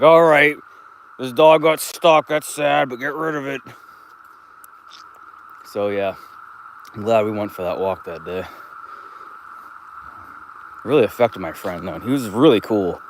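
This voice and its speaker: A man's voice: mid-range voice, a little hiss or hum. Casual male streamer, mid-range voice, loose and rambling, walking outdoors on a phone mic. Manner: rambling, laid-back, swears freely. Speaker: live streamer. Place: outdoors, walking through a park and woods.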